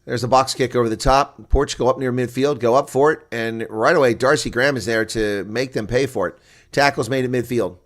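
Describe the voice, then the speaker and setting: A man giving live play-by-play rugby commentary, excitable and rising to shouts at big plays. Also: medium pitch, fairly quick.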